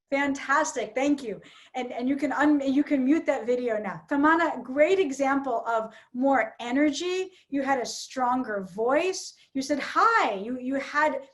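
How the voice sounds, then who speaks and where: A woman teaching public speaking in an online workshop, coaching participants with encouragement. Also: high voice.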